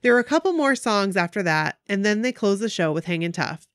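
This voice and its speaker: A woman co-hosting a fan podcast, reading a story aloud and chatting in an excitable, emotional way. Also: medium pitch, a little fast, no room sound, clean studio sound. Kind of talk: casual chat and reading aloud.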